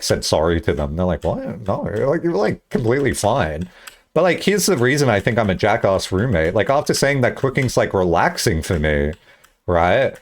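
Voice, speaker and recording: A young man streams and chats casually, rambling and poking fun at himself, and his voice jumps into high, squeaky bursts whenever he acts out his own lines.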